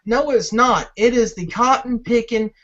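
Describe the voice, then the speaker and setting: A man's voice: extremely high pitch, normal speed, fairly bright tone. A man hosting a fan channel, ranting and repeating insults at a rival in a wrestling trash-talk promo. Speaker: fan channel owner and host. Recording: dull lo-fi audio.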